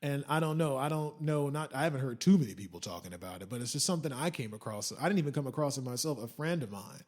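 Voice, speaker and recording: A man's voice: medium pitch, lively intonation, fast, hardly any pauses. A man hosting a casual solo podcast, rambling and swearing, switching into mocking quoted voices. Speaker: podcast host.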